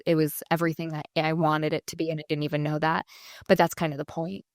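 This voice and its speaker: A young woman co-hosting a faith podcast, telling stories in a chatty, animated way and acting out quoted voices. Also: low voice, fast talker, no room sound, clean studio sound. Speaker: podcast co-host. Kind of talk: casual faith conversation.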